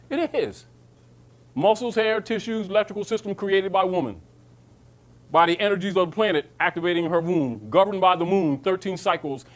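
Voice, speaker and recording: A man giving an informal teaching talk to an audience, emphatic and repetitive, often asking whether his listeners understand. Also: high voice. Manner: emphatic, repeats himself, asks listeners if they understand. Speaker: lecturer.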